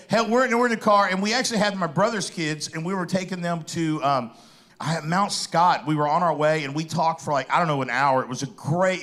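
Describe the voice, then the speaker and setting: A middle-aged man with a notably high voice for a man. He chats casually and tells stories with animation, acting out other people's lines as he goes. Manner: animated storyteller acting out quotes. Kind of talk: casual chat.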